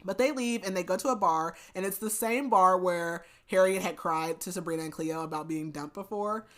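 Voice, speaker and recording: A woman's voice: on the low side, normal speed, fairly bright tone. Chatty woman recapping a book. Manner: chatty retelling, heavy use of "like" and "basically"; laughs and adds asides. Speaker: podcast host.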